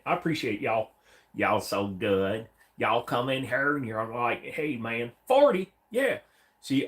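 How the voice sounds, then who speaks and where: A man hosting a casual livestream, reading viewer comments and rambling with jokes and silly voices from his room at home. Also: on the low side. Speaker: livestream host. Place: home room, seated against a wall.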